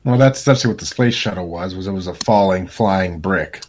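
A man co-hosting a podcast, playful and quick to laugh in casual chat. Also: sits low. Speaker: podcast co-host.

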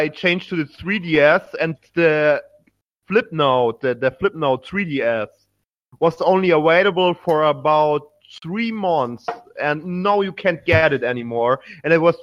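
A German-accented man in a casual podcast chat. He speaks slowly and haltingly, restarting his sentences, in a fairly high voice. The sound is dry and close. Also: no room sound, muffled recording. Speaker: podcast co-host.

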